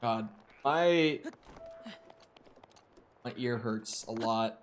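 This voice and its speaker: Here the gamer has a mid-range voice and talks very slowly over a slight hiss or hum. His chat with viewers is casual and rambling, full of jokes and frequent laughs. He uses a headset or desk microphone along with headphones.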